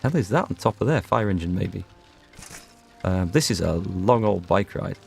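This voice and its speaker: Guy doing let's play commentary, jokey, talks to chat, lowish gravelly voice. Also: expressive, normal speed, faint music behind. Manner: joking, talks to chat while playing. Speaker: gaming video host.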